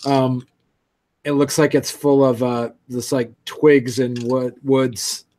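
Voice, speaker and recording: A man's voice: medium pitch, level tone, slow, noisy background. A man narrating a tabletop game as game master, hesitant, with many ums and restarts.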